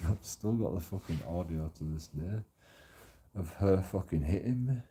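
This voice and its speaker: Man, deep voice, dark husky tone, rambling and swearing. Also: expressive, a little slow. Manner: heavy swearing, rambling with restarts. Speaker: vlogger telling a personal story. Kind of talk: casual storytelling monologue.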